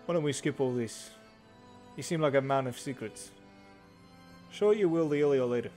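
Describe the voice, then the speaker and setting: A man voicing a gruff but friendly male dwarf king who says aye and lad. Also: medium pitch, moderate pace, darkish tone, faint music behind, close to an everyday voice. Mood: jovial.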